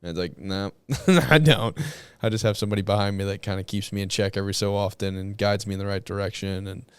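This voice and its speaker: A man speaking as a podcast guest, reflective and relaxed, filling his talk with "like". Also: low voice, quick pace, smooth. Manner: relaxed, reflective, heavy use of "like". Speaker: podcast guest, narcotics detective. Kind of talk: casual conversational interview.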